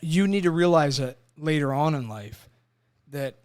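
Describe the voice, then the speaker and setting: Man in his thirties, rather high voice, dry close sound, profane, emotional casual talk. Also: moderate pace, clean tone, dry recording. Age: 30s. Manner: emotional, profane, animated storytelling. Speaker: podcast host, Marine veteran. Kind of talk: casual chat.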